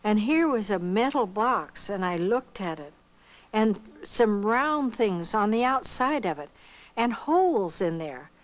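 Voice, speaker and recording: An older woman with a mid-range voice recounts something from her own life, her intonation lively. Her delivery is relaxed and homespun, with occasional pauses and soft hesitations while she remembers, and the recording quality is poor.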